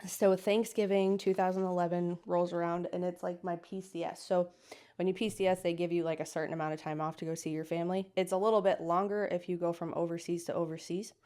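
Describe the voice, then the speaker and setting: Woman in her 30s, interview guest, lively storyteller who does the voices of people she quotes. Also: fairly low pitch, fast talker. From United States.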